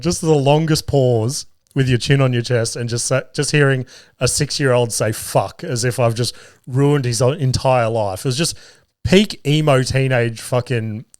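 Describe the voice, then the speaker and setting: A man's voice: medium pitch, clear, resonant tone, no room sound. Australian guy in his thirties hosting a podcast, loose and sweary, chuckling through his stories, dry studio mic. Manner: sweary, laughs often while telling stories. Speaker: podcast host. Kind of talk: casual storytelling chat.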